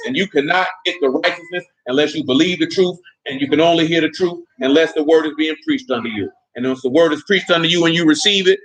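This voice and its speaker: Male preacher, fairly high-pitched, talking colloquially to his congregation. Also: a bit bright, low-quality recording. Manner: conversational preaching, colloquial, asks listeners questions. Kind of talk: sermon.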